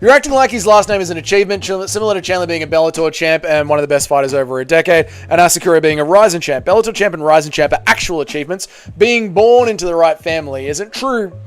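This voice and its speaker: A young New man chats on a casual livestream, reading comments aloud and answering them. He talks quickly and rambles, throws in plenty of "like" and the odd swear, in a voice pitched slightly high. Soft music plays faintly under him. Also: clear, resonant tone. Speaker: MMA livestreamer.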